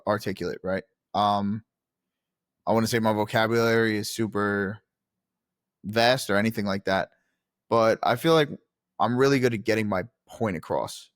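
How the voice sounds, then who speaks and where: A man hosting a podcast interview, asking questions in a relaxed, plain conversational way. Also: fairly low pitch, dry recording, clean studio sound. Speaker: podcast host, marketer.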